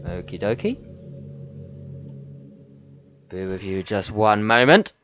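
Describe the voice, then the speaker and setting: Swearing, excitable let's-play man. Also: lowish voice, takes it slowly, soft background music. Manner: swears a lot, excitable outbursts. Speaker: gameplay commentator. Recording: muffled lo-fi mic.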